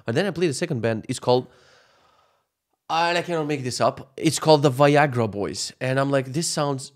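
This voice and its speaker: A man's voice: mid-range voice, brisk. Sweary young man ranting on a podcast. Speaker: podcast host. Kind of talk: casual solo podcast rant.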